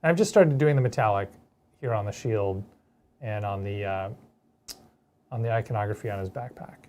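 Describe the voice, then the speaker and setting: A man co-hosting a hobby show, talking casually and haltingly about his painting progress. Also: on the low side, a little mellow, slight background noise. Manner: hesitant, lots of ums while describing work. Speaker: co-host painting miniatures.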